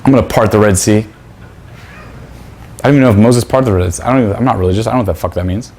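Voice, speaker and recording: A man's voice: on the low side, rapid-fire, darkish tone. A man teaching a seminar class in a crude, profane manner. He quizzes his students and acts out pickup lines. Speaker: seminar instructor.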